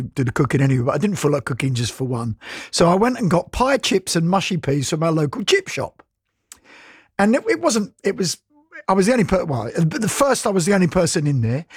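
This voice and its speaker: Lively husky British man, rambling. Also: high-pitched, no echo. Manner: rambling and anecdotal, laughing often. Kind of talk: casual chat.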